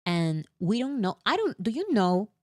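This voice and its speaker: A woman co-hosting a casual fan chat, talking in an animated, exasperated way with lots of fillers. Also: medium pitch, moderate pace, no echo, studio quality. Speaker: co-host.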